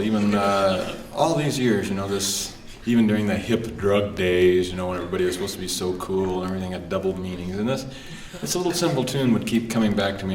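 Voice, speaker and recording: A man's voice: deep voice, echoey room. A man performing a live stand-up routine on a comedy club stage, rambling with fillers and working himself into mock anger. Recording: 1970s live vinyl album recording.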